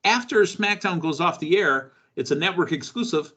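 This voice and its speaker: A man hosts a casual wrestling podcast. His voice is bright and forward, and he talks in a loose, joking way with plenty of fillers. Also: on the high side, animated, moderate pace. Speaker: podcast host.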